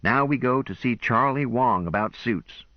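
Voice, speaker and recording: A man's voice: medium pitch, normal speed, no echo, highs cut off, pitched above the performer's own voice, close to an everyday voice. A man voicing an earnest young woman.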